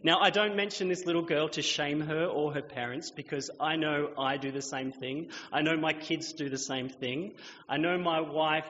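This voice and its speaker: A man in his thirties, a pastor telling a lively story in his sermon and acting out children's voices, recorded in a church. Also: on the high side, normal speed, a little hiss or hum. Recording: echoey hall, dull lo-fi sound.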